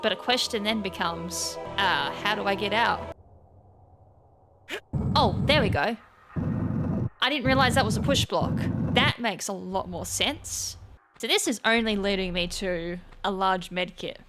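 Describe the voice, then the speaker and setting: Loud music plays under this woman's medium-pitched voice as she hosts a casual let's-play, talking a little slowly and pausing often. She chats while gaming, thinks aloud, laughs off her own mistakes, and breaks into abrupt exclamations.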